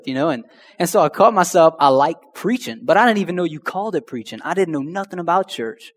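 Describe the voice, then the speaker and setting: A man's voice: fairly high pitch, lively intonation, quick pace. A young man telling his personal testimony in a slangy, conversational way that addresses the crowd directly. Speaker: speaker sharing a testimony. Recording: long hall reverb.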